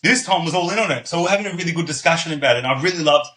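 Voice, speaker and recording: This man's voice is slightly high and he speaks very quickly. Appearing as a podcast guest, he tells stories in a relaxed way and lively imitates the people in them.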